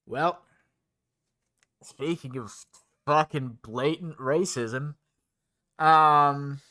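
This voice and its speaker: A man's voice: fairly high pitch, extremely slow, pushed and bright. A young man streaming as he reads a story aloud, breaking off into incredulous, profane, sarcastic asides.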